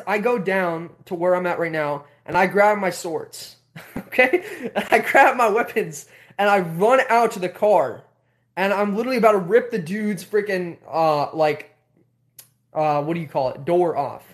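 A young man telling a story on a live stream, animated, swearing and repeating himself. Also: high voice, a little slow. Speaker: host.

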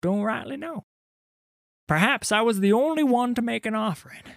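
An actor playing a grizzled, boastful old sailor telling a tale in a tavern, in rough dockside dialect that drops to whispers and rises to roars. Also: male voice, extremely high pitch, animated, normal speed, no room sound, clean studio sound, heavily acted. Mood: spinning yarn. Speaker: tavern storyteller. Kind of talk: dramatic audio story narration.

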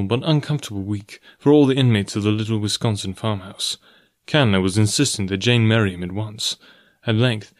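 A man narrating a novel in a steady, even storytelling way. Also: fairly low pitch, no room sound, clean studio sound. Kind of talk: audiobook reading.

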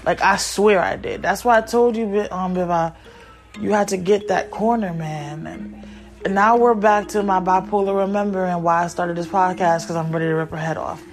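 Frank, scattered mom podcaster. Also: female voice, fairly low pitch, moderate pace, faint music behind. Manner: frank and scattered, breaks off to tend her kids. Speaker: podcast host and mother. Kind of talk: candid casual rambling to listeners.

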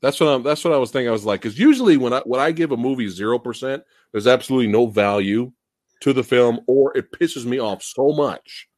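A man hosting a casual film podcast, ranting profanely and laughing loudly as he talks. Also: medium pitch, fast, no echo. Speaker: host.

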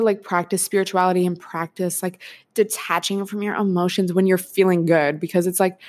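A young woman in her twenties hosting a casual solo podcast, chatty and frank, swearing freely and laughing often. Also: medium pitch. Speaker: podcast host.

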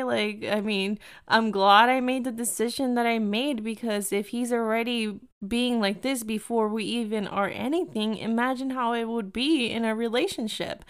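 A young woman casually telling a dating story, chatty and full of "like", acting out quoted lines in a higher voice. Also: fairly even intonation, normal speed, few pauses, clear, resonant tone. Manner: chatty, fillers "like" constantly, acts out quotes in higher pitch. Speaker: storyteller sharing dating experiences.

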